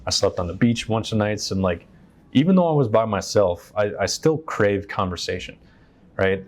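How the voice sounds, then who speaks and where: A man with a fairly low voice tells personal stories as an interview guest, candid and casual. He swears freely and jumps into the voices of the people he quotes. He was recorded on a stage inside a shop.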